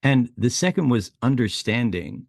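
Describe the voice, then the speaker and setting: A man's voice: medium pitch, very animated, moderate pace, gravelly, no echo, studio quality. A man co-hosting a podcast, explaining ideas thoughtfully in a casual conversation. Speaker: podcast co-host.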